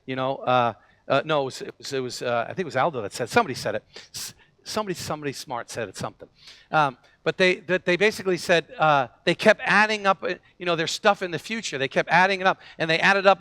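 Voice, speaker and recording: Male pastor, sermon, bright higher voice, dry close sound, storytelling with acted quotes. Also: quick pace, clear, resonant tone, no room sound. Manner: animated storytelling, acts out quoted voices, frequent restarts.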